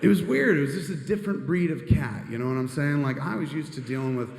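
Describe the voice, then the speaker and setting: A middle-aged man telling a comedic story on a live stage, rambling and swearing freely, with plenty of self-deprecation. His mid-pitched voice has a gravelly fry, and the hall adds a long, roomy reverb. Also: fast talker. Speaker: filmmaker telling stories on stage.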